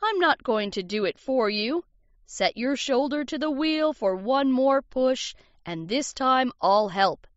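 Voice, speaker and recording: A woman voicing a giant, mighty hero with a booming, stern voice. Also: expressive, unhurried, no room sound. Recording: dull lo-fi recording.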